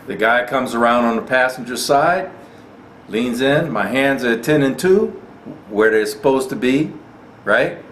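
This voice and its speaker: Man, indignant commentary, punchy repeated lines, roomy echo, faint hiss. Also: mid-range voice. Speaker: gun rights channel host. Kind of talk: impassioned commentary. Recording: echoey room with faint noise.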